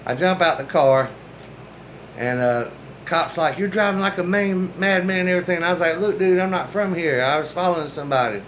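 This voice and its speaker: A man's voice: medium pitch, fairly bright tone, slight background noise, rough recording. A man in his forties telling a personal story in a casual, slangy way and acting out the dialogue of the people in it. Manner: slangy, colloquial talk; acts out quoted dialogue.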